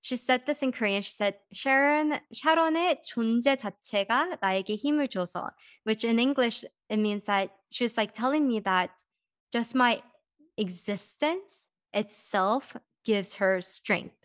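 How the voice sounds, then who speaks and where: A young woman hosts a podcast in a somewhat high, clear, resonant voice, speaking a little slowly on a dry, studio-quality recording. She's chatty and reflective, saying "like" often and laughing lightly.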